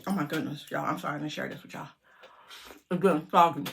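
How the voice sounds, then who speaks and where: A middle-aged woman vlogger telling a lively story to her viewers, chatty and animated. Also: low voice, fast talker, vocal fry, slight background noise.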